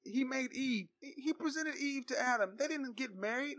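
A man's voice: extremely high pitch, moderate pace, few pauses, a bit bright, no room sound. A man in a heated debate on a talk show, arguing and mocking his opponent. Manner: argumentative, mocking.

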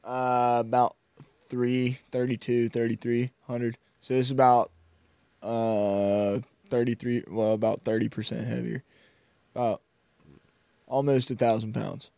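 A man's voice: mid-range voice, flat delivery, unhurried, creaky, dark tone, smooth, dry recording. A man co-hosting a casual podcast chat, rambling enthusiastically about classic cars. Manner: rambling, enthusiastic car talk. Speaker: podcast co-host.

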